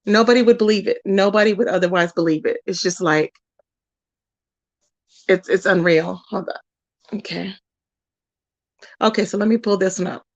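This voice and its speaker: A woman's voice: medium pitch, a little fast, dry recording. A woman hosting a commentary channel, ranting bluntly and scolding someone, repeating her points and drawing out words for emphasis. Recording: dull lo-fi audio.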